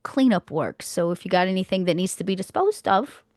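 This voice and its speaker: A woman's voice: fairly low pitch, lively intonation, fairly quick, darkish tone, dry recording, clean studio sound, natural voice. A woman playing a brash Boston vampire businesswoman. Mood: hustling. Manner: folksy, hustling, friendly.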